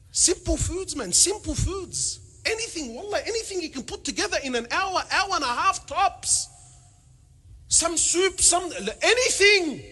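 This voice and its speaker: A man giving a humorous religious talk to an audience, animated and full of rhetorical questions, with Arabic phrases mixed in. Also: very high voice, a little slow. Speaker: panel speaker.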